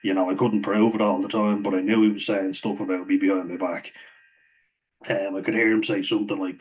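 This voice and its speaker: Low, flat-voiced man. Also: a little fast, low-quality recording. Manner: rambling, with frequent chuckles and "you know" fillers. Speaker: vlogger. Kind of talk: casual storytelling.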